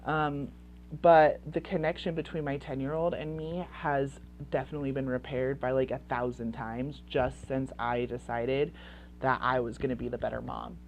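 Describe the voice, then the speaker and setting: A parenting coach in her thirties speaks straight to camera in an extremely low, somewhat mellow voice at a moderate pace and level tone, with slight background noise. She's blunt and impassioned, swearing and repeating phrases to hammer her points home.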